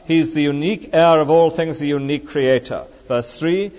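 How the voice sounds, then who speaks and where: A man's voice: a little high, moderate pace, darkish tone. A man preaching a sermon with emphatic, rhetorical questions to the congregation. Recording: dull lo-fi recording with long reverb.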